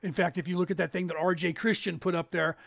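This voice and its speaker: A man in his fifties from California, rambling casually as he hosts a livestream and tells stories, with a raspy edge. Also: high voice, little pitch movement, fast talker, a bit bright, dry recording. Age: 50s. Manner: rambling storyteller, acts out others' lines in raised voices. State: raspy from COPD. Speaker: livestream host.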